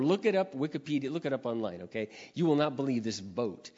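An older man preacher telling a personal story in a sermon, acting out his prayers and phone calls with lively emotion. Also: fast, few pauses. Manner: animated storyteller, acting out his own prayers with rising pitch. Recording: dull reverberant hall sound.

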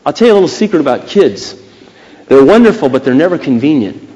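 A man preaching a sermon emphatically, with dramatic pauses between phrases. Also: a little high, very animated, mellow, slight background noise. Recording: long reverb of a church hall.

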